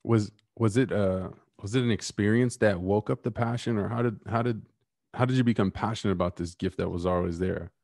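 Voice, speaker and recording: A man's voice: fairly low pitch, a little fast, gravelly, a little mellow, no echo, clean studio sound. A man hosting a podcast in casual chat over a video call, playful and hype-man in his introductions. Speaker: podcast host.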